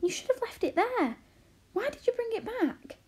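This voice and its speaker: A woman reading aloud, voicing an eager, bold tiny girl who asks excited, breathless questions. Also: high-pitched, unhurried, husky, voice pushed up, exaggerated voice.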